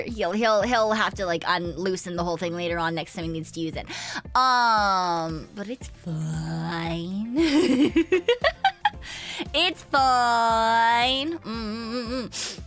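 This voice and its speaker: A woman's voice: mid-range voice, unhurried, a bit bright, soft background music. A young woman, streaming and telling a rambling story in casual chat, swearing freely. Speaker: VTuber streamer.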